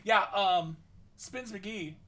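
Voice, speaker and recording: A woman running a tabletop game, chatting and narrating with many ums and pauses, laughing often. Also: medium pitch, a bit bright, a little hiss or hum. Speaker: game master. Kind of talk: casual chat and game narration.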